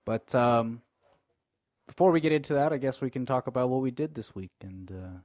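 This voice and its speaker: A man's voice: medium pitch, normal speed, a little mellow, no room sound, studio quality. A young man hosting a casual podcast chat, loose and rambling, laughing often and cursing casually. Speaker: podcast host. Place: small room with co-hosts in person.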